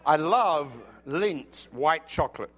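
A man preaching a sermon, emphatic and quoting scripture, who drops to a hush and then rises into loud bursts, with humorous asides. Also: on the high side, lively intonation, slow pace.

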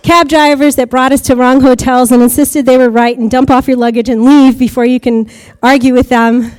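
A woman's voice: high voice, level tone, moderate pace, darkish tone, clean tone. An American woman giving a chatty testimony to a church congregation about mission work, often laughing as she talks. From United States.

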